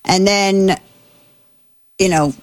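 A woman's voice: medium pitch, extremely slow, no echo. A woman hosting a show, talking through the news in a chatty, digressive way with frequent restarts. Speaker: show host. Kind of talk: casual news commentary.

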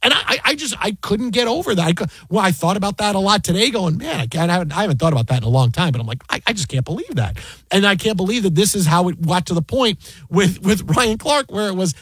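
Middle-aged male sportscaster, quick animated storyteller, bright high voice, dry booth sound. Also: slightly rough, no echo. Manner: animated, acts out quoted dialogue, many restarts. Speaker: sports broadcaster and podcast guest. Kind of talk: casual storytelling chat.

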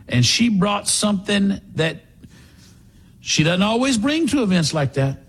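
A man hosting a talk radio show, speaking in a sarcastic, animated, mocking way. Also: sits high, husky.

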